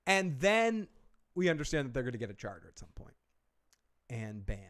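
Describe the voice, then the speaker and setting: A man's voice: medium pitch, very animated, moderate pace, fairly bright tone, no room sound, studio quality. A man hosting a casual TV episode review, joking and profane, with frequent asides. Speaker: show host.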